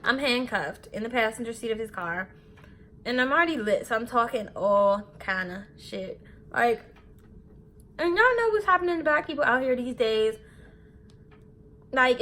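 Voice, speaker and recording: Animated young woman telling a candid story. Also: on the high side. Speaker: beauty vlogger. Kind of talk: storytime vlog while getting ready.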